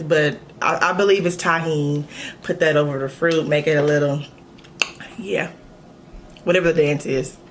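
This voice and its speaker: A woman's voice: sits low, a little hiss or hum. A woman from Los Angeles chatting casually through a mukbang vlog at home, laid-back and swearing freely. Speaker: mukbang vlogger. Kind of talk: casual chat.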